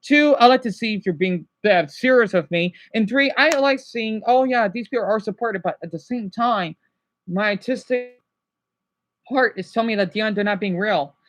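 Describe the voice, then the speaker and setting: High-voiced, exasperated young man ranting. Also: moderate pace, fairly bright tone. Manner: agitated, exasperated scolding; tired, sighing. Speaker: livestreamer. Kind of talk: livestream rant to chat.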